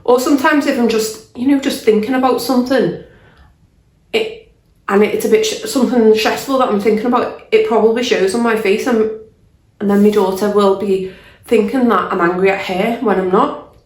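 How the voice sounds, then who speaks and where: A woman's voice: medium pitch, steady tone, normal speed, darkish tone. Candid woman in a roomy space. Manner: candid, earnest, thinks aloud with restarts. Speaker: life coach. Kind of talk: casual talk to camera. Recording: roomy echo.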